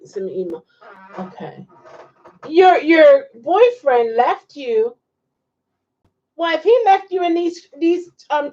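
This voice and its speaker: A woman's voice: sits high, darkish tone, dull audio. A woman hosting a casual livestream, chatting and reacting to viewer comments with frequent laughs. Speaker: livestream host.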